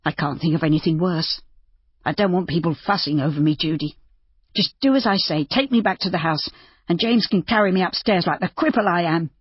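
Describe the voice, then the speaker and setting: A woman narrator voicing Jack, an injured young man who speaks in a slow, flat, weary way and sounds bitter and despairing. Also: fairly low pitch, husky, dry recording, dull audio.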